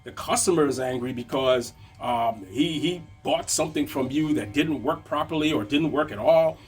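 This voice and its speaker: A man's voice: medium pitch, normal speed, husky, faint music behind. A man teaching a conversational motivational lesson on business, checking in with frequent tag questions. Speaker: business coach.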